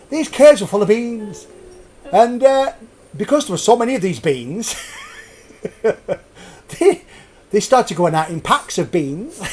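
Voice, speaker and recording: A man with a high voice hosts a live show and tells a grim old story. He keeps cracking puns, laughs at his own jokes and wanders off on side remarks. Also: a little mellow, a little hiss or hum. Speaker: host.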